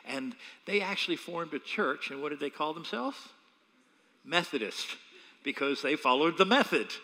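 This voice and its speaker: A man, a pastor, preaching a sermon with animated, humorous storytelling. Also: a little high, moderate pace, in a large hall.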